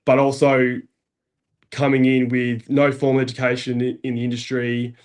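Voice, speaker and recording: A man's voice: medium pitch, monotone, moderate pace, darkish tone. A man speaking hesitantly and in a laid-back way as a guest in a casual interview.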